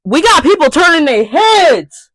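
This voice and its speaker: A young woman vlogger in an exasperated, swearing rant, breaking into loud outbursts. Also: high-pitched, big pitch swings, a little slow, no echo, rough recording. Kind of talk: ranting vlog monologue.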